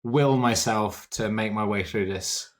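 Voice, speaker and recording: A man's voice: on the low side, measured pace, background noise. A man playing a tabletop game, musing aloud over options. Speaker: player.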